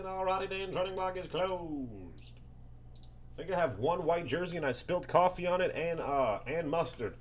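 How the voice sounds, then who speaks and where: A man hosting a live sports card break, reading off names and teams in quick bursts and joking with viewers between pulls. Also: fairly high pitch, lively intonation. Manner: rapid-fire listing of names and teams, hyped and joking.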